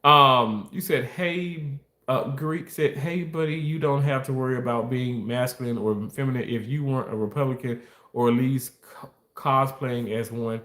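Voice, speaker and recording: A man with a steady, fairly bright voice speaks at normal speed, reading chat aloud on a livestream in a roomy, echoey recording. He makes crude jokes and protests with mock innocence, his voice jumping high whenever he objects.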